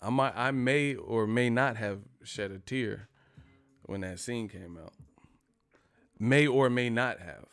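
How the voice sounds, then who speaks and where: A male host chats casually on a live stream in a mid-pitched voice. He rambles, swears freely and laughs at his own jokes. The sound is dry and close, with faint music playing underneath. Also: slow pace, long pauses, a bit bright, dry recording. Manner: profane, rambling, laughs often.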